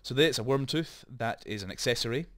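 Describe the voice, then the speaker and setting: This let's play comes from a male gaming channel host who chats at a desk microphone and wanders through explanations full of side comments. His mid-range voice is lively and fairly bright, fairly quick, in studio-quality sound with no echo.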